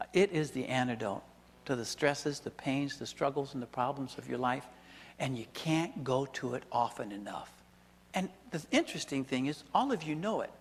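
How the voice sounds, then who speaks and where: A man's voice: a little high, a bit bright, in a large hall. A male pastor preaching a sermon, talking conversationally with chuckling asides and questions to the congregation. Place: church sanctuary.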